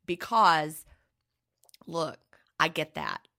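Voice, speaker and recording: A woman's voice: deep voice, wildly swooping pitch, extremely slow, vocal fry, bright, forceful tone. A middle-aged woman co-hosting a podcast, talking in an earnest, reassuring and personal way in casual chat. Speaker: podcast co-host.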